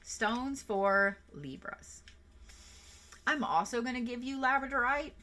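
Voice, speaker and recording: A woman's voice: fairly high pitch, slow pace, pushed and bright. A woman giving casual zodiac card readings on a livestream, chatty and playful, swearing and giggling as she goes. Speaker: reiki practitioner and tarot reader.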